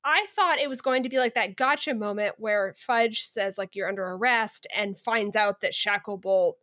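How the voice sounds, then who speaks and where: A woman's voice: mid-range voice, moderate pace, fairly bright tone. A woman co-hosting a podcast in casual chat, talking in a sarcastic, incredulous way. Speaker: podcast co-host. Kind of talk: casual book-discussion chat.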